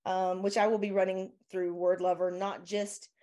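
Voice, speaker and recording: A woman's voice: mid-range voice, little pitch movement, normal speed, mellow. A woman with a Southern US accent, a guest chatting casually in an interview, rambling with many fillers and restarts. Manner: laughs often. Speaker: guest, software owner.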